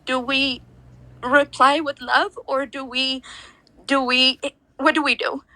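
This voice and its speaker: A woman's voice: sits high, little pitch movement, slow pace, bright, forceful tone, no echo, rough recording. A tearful woman speaking earnestly in an online audio discussion, grateful and searching for answers. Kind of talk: emotional personal testimony.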